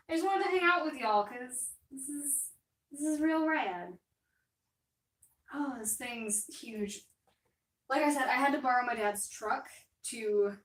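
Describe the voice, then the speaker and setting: A woman's voice: on the high side, fairly bright tone, far from the mic. A young woman in her twenties chatting casually on a live stream while she paints, rambling and reading out viewer comments. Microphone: distant mic, moves around while working. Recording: roomy echo, voice off-mic.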